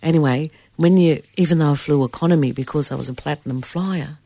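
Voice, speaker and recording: A middle-aged woman, a musician guest telling lively stories in a casual interview. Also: sits low, fast talker, vocal fry, no room sound. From Australia. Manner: animated storyteller, acts out voices and laughs.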